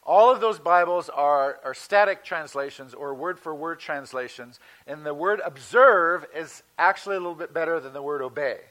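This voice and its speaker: A male pastor giving a sermon in a conversational teaching manner, slowing down to stress key words. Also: a little high, fairly bright tone, low-quality recording.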